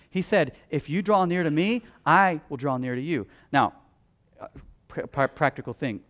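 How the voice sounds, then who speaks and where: A middle-aged man preaching a sermon, lively and acting out the inner voices of the people in his stories. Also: fairly high pitch. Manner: animated, acts out quoted inner voices. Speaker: pastor.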